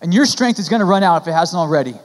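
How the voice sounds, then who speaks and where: A young male pastor with a notably high voice preaching a sermon in a church, his words trailing into a long hall reverb. He talks earnestly and pleadingly, restarting phrases and leaning on casual fillers. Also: expressive, racing. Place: church sanctuary.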